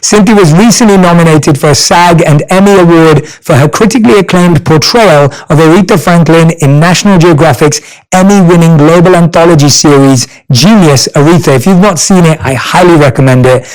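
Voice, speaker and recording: A man's voice: a little high, fairly quick, poor audio. A man with a London accent hosting a podcast, reading a guest introduction and then chatting casually. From North London, England. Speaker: podcast host. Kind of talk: casual interview chat.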